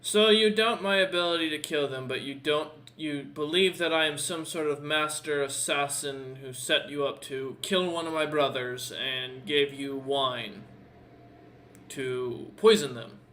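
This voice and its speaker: A man voicing a cunning, calm male noble who makes slow, menacing threats. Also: fairly high pitch. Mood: scornful.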